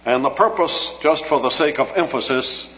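A man delivers a sermon in a measured, teacherly manner, drawing out key phrases for emphasis. His voice sits at an ordinary middle pitch. The recording is dull and lo-fi, with a long reverb trailing off the walls of a large hall. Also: bright, forceful tone. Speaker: preacher. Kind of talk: expository sermon.

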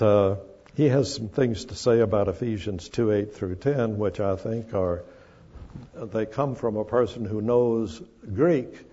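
An older man preaching an expository sermon, slow and emphatic, stressing scripture word by word. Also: lowish voice, warm tone, slightly rough. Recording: dull lo-fi recording.

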